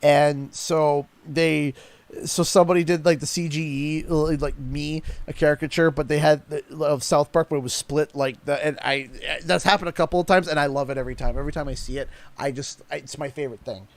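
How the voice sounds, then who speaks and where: A man's voice: on the high side, steady tone, a little fast, no room sound. A man with a Canadian accent, chatting casually while streaming a game, rambling with many fillers. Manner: rambling, chatty, fond of putting on a playful accent. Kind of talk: casual livestream commentary.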